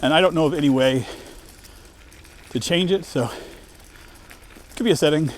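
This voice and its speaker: A man's voice: a little high, measured pace, a little hiss or hum. A man chatting casually to his viewers while riding a bike up a wooded trail, out of breath, rambling and self-deprecating, on a clip-on mic. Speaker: vlogger. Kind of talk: casual chat while cycling. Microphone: wireless lavalier on the rider.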